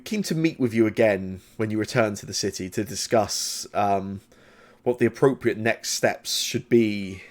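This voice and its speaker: A man running a tabletop game as game master, narrating loosely with many pauses and fillers. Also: on the low side.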